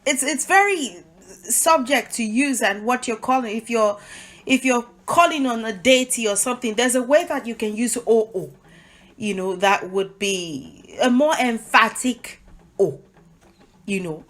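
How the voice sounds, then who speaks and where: A woman's voice: on the high side, animated, measured pace, a bit bright. A woman giving a casual spoken language lesson, explaining informally and laughing at her own slips. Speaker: language teacher.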